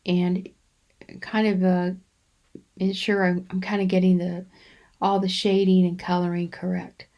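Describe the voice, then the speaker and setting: A woman hosting a crafting channel, talking through a coloring demonstration in an unhurried, rambling way with frequent ums and restarts. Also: fairly low pitch, little pitch movement, dull audio. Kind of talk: relaxed coloring demonstration voice-over.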